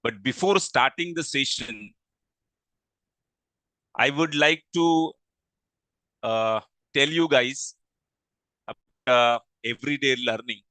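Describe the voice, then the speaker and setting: A man hosting a live online training session on a video call, speaking politely and haltingly and thanking attendees. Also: mid-range voice, pushed and bright, dry recording, low-quality recording. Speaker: webinar host and training manager. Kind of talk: live online class introduction. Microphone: video call microphone.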